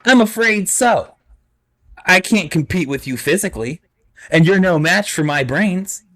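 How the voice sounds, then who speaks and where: A man putting on a high, louder voice as a pompous bald schemer who boasts of his brains and reasons in circles aloud. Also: lively intonation, measured pace. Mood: smug. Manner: smug, lofty, talks himself in circles.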